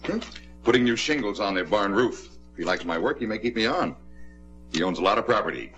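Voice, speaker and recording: A man's voice: lowish voice, sing-song, fairly quick, a bit bright, dull audio, soft background music. An actor playing a stern working-class father in a 1950s television drama, scolding and commanding his daughter.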